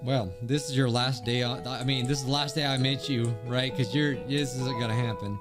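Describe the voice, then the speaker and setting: A man giving excitable, jokey let's play commentary while playing a game. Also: medium pitch, moderate pace, few pauses. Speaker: gaming YouTuber. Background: game music.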